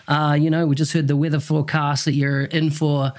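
A man's voice: fairly high pitch, little pitch movement, brisk. A man with a New Zealand accent hosting a podcast in friendly, casual chat and laughing easily. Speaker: podcast host.

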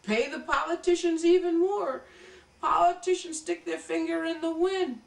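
A woman's voice: very high voice, steady tone, moderate pace, creaky. An American woman giving an emphatic political commentary monologue, lecturing and addressing her viewers directly. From United States. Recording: roomy echo, voice from a distance.

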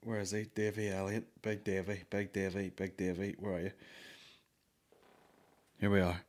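Low-voiced, profane podcast host. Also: male voice, completely flat delivery, moderate pace, darkish tone. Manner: profane, rambling, mocking. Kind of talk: casual comedy chat.

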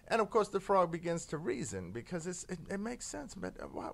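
A man telling a fable in an animated, conversational way during a discussion show. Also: high-pitched, brisk, vocal fry, few pauses. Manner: animated, conversational, with filler words. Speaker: panel guest. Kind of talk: storytelling in a discussion.

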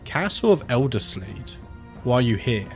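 A man's voice: medium pitch, very animated, normal speed, darkish tone, soft background music. An Australian man streaming a strategy game, chatting casually, thinking aloud and muttering as he clicks through menus. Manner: chatty, thinks aloud, mutters and self-corrects, frequent mild swearing. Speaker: gaming streamer. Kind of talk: casual live-stream commentary while playing a strategy game.

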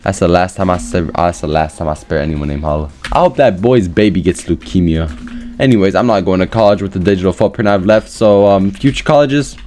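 A young man doing casual gameplay commentary as a gaming YouTuber, joking to himself and then breaking into loud, excited yelling. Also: low-pitched, a little fast, faint music behind.

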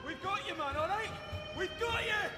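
An actor playing a panicked rig worker, screaming for help. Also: male voice, very high voice, normal speed. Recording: echoey game audio with reverb.

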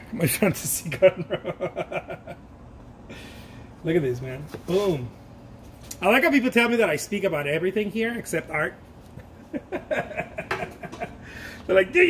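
A man's voice: a little high, a little hiss or hum. A man talking casually while he paints, rambling, joking about himself and laughing often. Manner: self-mocking and playful. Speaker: painter hosting his own art channel.

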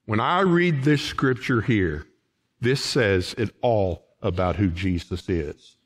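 Folksy pastor preaching slowly. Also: male voice, fairly low pitch, expressive. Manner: folksy, emphatic preaching with rising outbursts. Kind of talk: sermon. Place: church sanctuary.

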